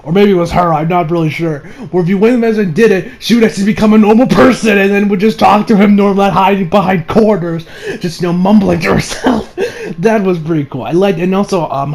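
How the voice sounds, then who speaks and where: A man's voice: sits high, quick pace, creaky, a little mellow. A young man reviewing an anime episode in a casual, rambling way, with many fillers and frequent laughter.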